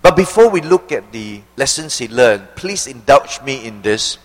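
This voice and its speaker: A male preacher giving an expository sermon, asking rhetorical questions and slowing down to stress key phrases. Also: medium pitch, animated, long reverb tail, rough recording.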